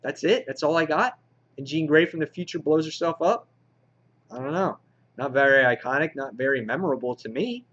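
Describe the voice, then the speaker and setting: Male comic reviewer, casual rambling chat, higher voice, lo-fi home sound. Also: animated, a little fast, a bit bright. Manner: rambling, frustrated, many fillers.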